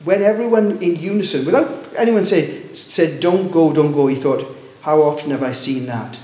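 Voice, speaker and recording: A man preaching a sermon, telling a story with many restarts and rising excitement at its loud moments. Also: on the high side, roomy sound. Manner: halting, many restarts, rises when telling of shouting.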